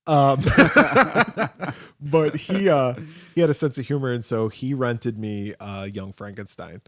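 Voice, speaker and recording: A man's voice: mid-range voice, slow pace, a bit bright. A man co-hosting a podcast, chatting casually and telling rambling, jokey stories. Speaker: podcast co-host. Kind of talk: casual chat.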